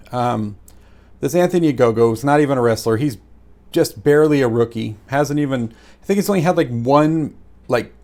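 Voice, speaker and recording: A man casually reviewing wrestling matches in a rambling, animated way, with lots of fillers and chuckles. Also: medium pitch, creaky.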